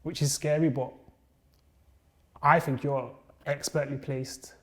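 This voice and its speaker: A man's voice: mid-range voice, steady tone, takes it slowly. A man with a mid-range voice hosts a casual podcast interview. He speaks in an encouraging way and keeps up frequent listening murmurs while his guest talks. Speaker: podcast host.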